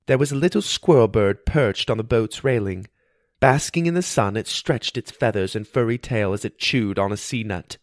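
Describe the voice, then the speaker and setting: A man narrating a first-person fantasy audiobook in a steady storytelling read. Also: on the low side, normal speed, dry recording, clean studio sound.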